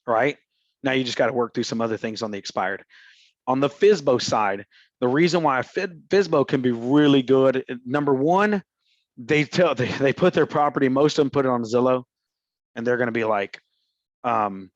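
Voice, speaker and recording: A man's voice: medium pitch, brisk, no room sound. A man from Houston, coaching real estate agents in a casual, slangy way and acting out phone calls. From Houston, Texas. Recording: slightly muffled dry recording.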